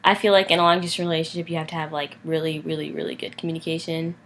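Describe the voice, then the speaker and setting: A young woman chats casually for a vlog, her voice sitting a touch low. She talks loosely, leaning on "like" and "um". A faint hiss runs under the recording. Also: fairly even intonation, rapid-fire, a bit bright. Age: young adult. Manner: chatty, lots of "like" and "um". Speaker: vlogger. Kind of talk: casual chat.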